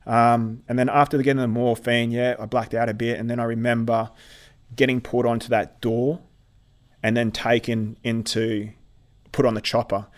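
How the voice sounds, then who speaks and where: A middle-aged man, a military veteran telling his story in an earnest, halting way with many restarts. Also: medium pitch, flat delivery. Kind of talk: personal storytelling in conversation.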